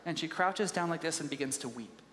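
A man gives a sermon in a loose, conversational storytelling way, often restarting his sentences. His slightly high voice carries a long, roomy reverb from a large church hall. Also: brisk, fairly bright tone. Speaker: pastor.

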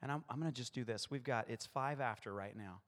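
A man's voice: mid-range voice, a little fast, a bit bright, in a large hall. A male pastor preaching a playful sermon, acting out short voices in his stories.

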